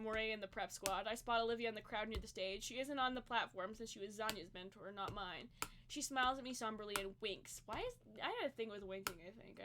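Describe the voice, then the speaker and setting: A woman's voice: a little high, noisy background. A woman streamer reading fanfic narration aloud, giggling and breaking off into joking asides.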